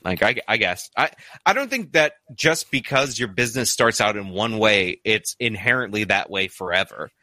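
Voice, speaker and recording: Male streamer, bright voice, rambling chatter with plenty of fillers. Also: on the low side, lively intonation, moderate pace, no echo. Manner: rambling, many "like" fillers, laughs often. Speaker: streamer reading super chats. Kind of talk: casual live-stream chat.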